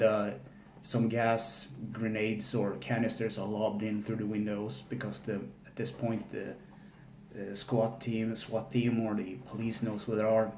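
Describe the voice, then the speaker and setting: Man, casual recap, stop-start, faint room hum. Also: fairly low pitch. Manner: halting, many fillers and restarts, flat delivery. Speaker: film recapper. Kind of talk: casual spoken film recap. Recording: echoey room with faint ambience.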